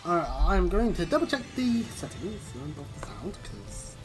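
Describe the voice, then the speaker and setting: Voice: mid-range voice, very animated, unhurried. Gameplay commentator, casual, rambling, chewing while talking, faint game music behind. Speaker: let's play host.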